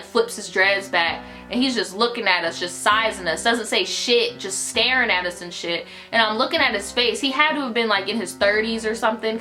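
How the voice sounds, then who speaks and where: A young adult woman telling a story in an animated, profane, filler-heavy style. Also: mid-range voice. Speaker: YouTuber. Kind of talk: casual storytime vlog. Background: music.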